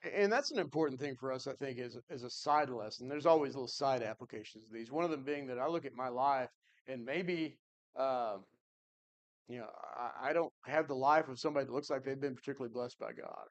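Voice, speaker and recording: A man's voice: medium pitch, brisk. A man teaching a Bible class in an earnest, conversational way, thinking aloud and answering his class.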